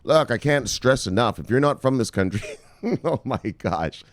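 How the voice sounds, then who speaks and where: Excitable, profane Canadian man ranting. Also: mid-range voice, normal speed, no room sound, studio quality. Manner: excitable, profane, repeats himself, addresses viewers as brothers. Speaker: crypto news vlogger. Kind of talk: animated profane crypto commentary.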